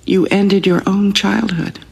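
A stern husky judge. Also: female voice, medium pitch, flat delivery, darkish tone. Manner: measured, severe pronouncements. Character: stern female juvenile-court judge. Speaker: judge in a TV courtroom drama.

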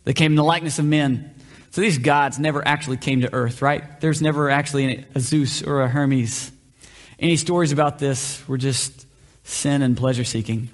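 A man's voice: mid-range voice, fairly even intonation, moderate pace. Man preaching in a reverberant hall. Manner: conversational, asks the room questions, varies pace. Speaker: pastor. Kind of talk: sermon. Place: church hall.

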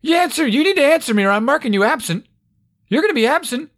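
A woman's voice: high-pitched, animated, fast talker, voice pushed up. A parent voicing a bossy female teacher who barks at her students over an online class, repeating their names and making demands. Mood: barking.

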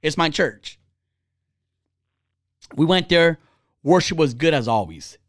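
A man's voice: a little high, a bit bright, dry recording, studio quality. A man chatting casually, telling a candid, rambling story full of restarts and asides.

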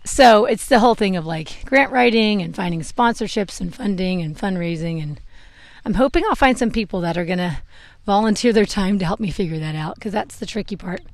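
Brushing down her horse outside, a young woman talks briskly in a mid-range voice with lively intonation. She's a vlogger who rambles casually and chuckles at her slips, captured on a clip-on mic with no room sound.

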